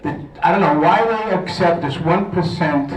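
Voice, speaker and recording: A man's voice: sits high, moderate pace, a little hiss or hum. A man with a Brooklyn accent, out of breath, giving a blunt, rambling speech to a crowd and laughing often. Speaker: speaker at a political social. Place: event hall. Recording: echoey room, from far off.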